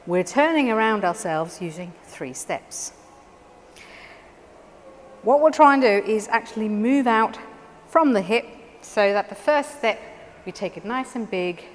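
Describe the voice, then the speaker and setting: A woman dance teacher with a mid-range voice gives calm, step-by-step instructions and counts beats aloud. Her voice carries a long reverb, as in a studio hall, with faint noise underneath. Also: mid-range voice, a little slow, pauses often.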